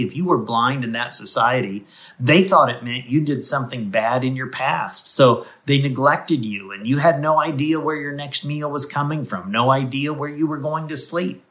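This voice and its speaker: A male pastor giving a radio devotional sermon in an animated, conversational storytelling way. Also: mid-range voice.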